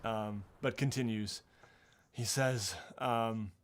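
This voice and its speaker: A man running a tabletop game speaks slowly with a gravelly edge. He hesitates often and fills the gaps with ums. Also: on the low side, a bit bright. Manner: unhurried, hesitant, lots of fillers. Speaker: game master.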